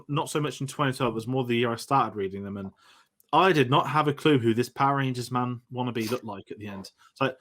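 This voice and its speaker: A man's voice: mid-range voice, a bit bright. A man hosting a casual film discussion podcast, rambling and correcting himself as he goes. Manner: rambling, self-correcting, enthusiastic. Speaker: podcast host.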